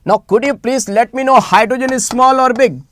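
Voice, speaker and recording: A man teaching a live online chemistry class, animated and repeating phrases as he coaxes students to answer in the chat. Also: extremely high pitch, moderate pace.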